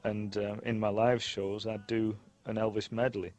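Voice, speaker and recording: A man's voice: on the low side, little pitch movement, moderate pace, a little mellow. A man, a singer telling anecdotes in a casual interview, chuckling often and restarting his sentences. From England. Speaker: guest singer.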